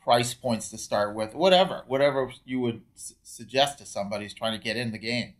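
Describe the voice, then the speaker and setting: A man hosting an interview podcast, jumping in with quick reactions and long, rambling questions. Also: mid-range voice. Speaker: podcast host. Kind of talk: casual interview conversation.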